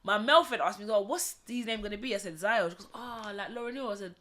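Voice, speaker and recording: A woman, a podcast guest telling animated stories in casual chat. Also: mid-range voice, fast talker. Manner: animated storyteller, swears emphatically.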